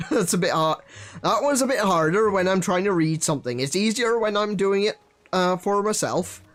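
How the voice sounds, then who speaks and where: A man's voice: sits high, animated, normal speed, a bit bright. Chatty man streaming a game. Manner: chatty, laughs at himself, many restarts. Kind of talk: casual let's-play commentary.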